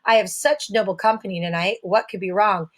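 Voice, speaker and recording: A coaxing old monster woman, as a woman reader puts her on, with a soft, soothing purr that hides menace. The voice stays gentle and inviting in a storybook telling. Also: mid-range voice, steady tone, brisk, close to an everyday voice.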